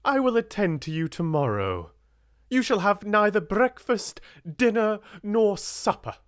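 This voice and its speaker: Furious shrill schoolmistress, a guy doing her voice, withering and cold, really swoops up high. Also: very animated, measured pace, clear, resonant tone, dry recording, clean studio sound. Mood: scolding. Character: stern furious woman headmistress.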